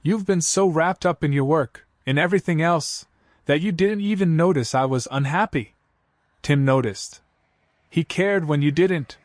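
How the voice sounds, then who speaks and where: A man's voice: on the high side, normal speed, dry recording, clean studio sound, voice pushed up, natural voice. A man voicing a defensive, tearful wife caught cheating, pleading and then blaming. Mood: resentful.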